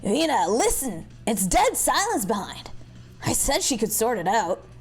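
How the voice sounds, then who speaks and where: A woman voicing a spirited young female soldier scout with a Yankee accent, giving brisk reports. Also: on the high side, big pitch swings, breathy edge, soft background music, exaggerated voice. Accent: American Yankee.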